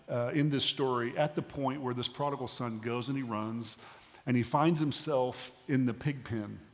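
A man giving a sermon as a pastor, conversational with pauses and emphatic rises. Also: medium pitch. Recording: long hall reverb.

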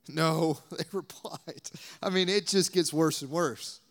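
A man's voice: on the high side, measured pace, fairly bright tone. A young adult man with a Southern US accent preaching a sermon as a guest speaker, emphatic and dropping now and then to whispered asides.

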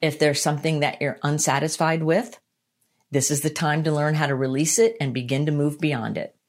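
A woman giving a motivational self-help talk, earnest and emphatic, repeating her key lines and slowing down to stress them. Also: low-pitched, steady tone. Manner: slows down to stress points. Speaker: motivational speaker.

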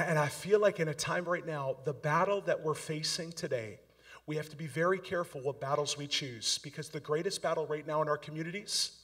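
A man's voice: fairly high pitch, a bit bright. A man preaching a sermon with impassioned, emphatic delivery.

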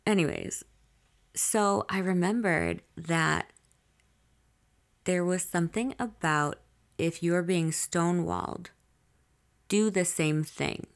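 Low gravelly woman, candid podcast host. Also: slow pace, pauses often. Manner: candid, profane, speaks straight to listeners. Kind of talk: confessional diary storytelling.

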